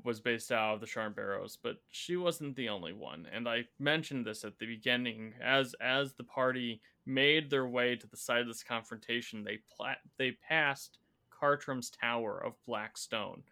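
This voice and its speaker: A man recapping a tabletop campaign as its game master, a measured storyteller with a teasing edge. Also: medium pitch, sharp tone.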